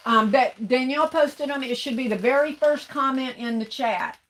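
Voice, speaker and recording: A woman's voice: on the high side, normal speed, hardly any pauses. Chatty woman greeting viewers on a livestream. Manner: chatty, greets viewers warmly with "hey, baby". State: fighting off coughs and sneezes. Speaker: livestream host. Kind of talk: casual live chat reading comments.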